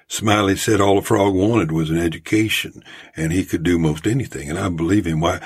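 A man's voice: deep voice, a little fast, slightly rough. A man voicing a rambling old storyteller from a mining camp, with a folksy, drawling manner. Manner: folksy drawling tall-tale telling.

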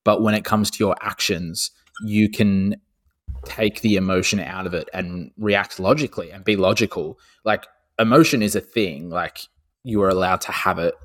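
A man's voice: low-pitched, steady tone, normal speed, fairly bright tone. A young man co-hosting a podcast in casual chat, swearing freely and laughing often. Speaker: podcast co-host.

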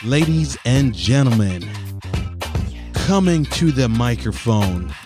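A man's voice: mid-range voice, sing-song, slow pace, music in the background. A man putting on the voice of a showy male hype-man announcer, drawing out his words in stagey style. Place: home closet.

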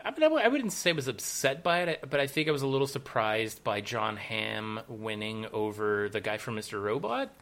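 Guy co-hosting a podcast, bright voice, goofy dramatic asides, casual rambling. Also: fairly low pitch, very animated, brisk, few pauses. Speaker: podcast co-host. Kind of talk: casual chat.

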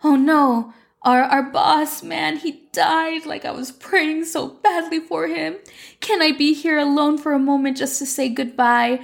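A woman's voice: sits high, steady tone, unhurried, gravelly, pitched above the performer's own voice. A woman doing a sly man faking grief. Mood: mock grief. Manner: whiny, overdone mock sorrow. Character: fake-grieving male employee, sly and false.

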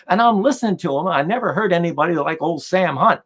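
A man telling stories in conversation as a guest musician, animated and acting out the voices of the people in them. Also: fairly high pitch, quick pace, hardly any pauses, slightly rough. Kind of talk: storytelling in a conversation.

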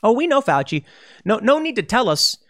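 A man with a slightly higher-than-usual voice gives opinionated commentary. He reads news aloud and breaks off to mock it, speaking emphatically and sarcastically, straight at the listener. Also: sing-song, fairly quick, a bit bright. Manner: sarcastic, emphatic, talks to the viewer directly. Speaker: political commentary host. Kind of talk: opinionated commentary while reading articles aloud.

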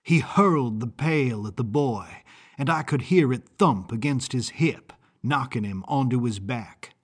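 A man reading first-person audiobook narration in a measured, deliberate way. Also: mid-range voice, slightly rough.

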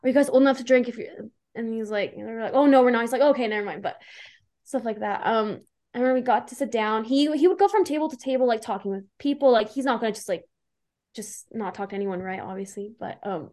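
Young woman gushing about a fan moment, says like constantly, voice sits a bit high. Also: quick pace, darkish tone. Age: young adult. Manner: gushing, filler-heavy with "like". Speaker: fan guest. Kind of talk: casual storytelling chat.

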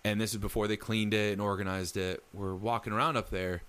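A man telling a story in casual chat, animated and acting out the lines he quotes. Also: lowish voice, a little fast, clear, resonant tone. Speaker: storyteller recounting a ghost encounter.

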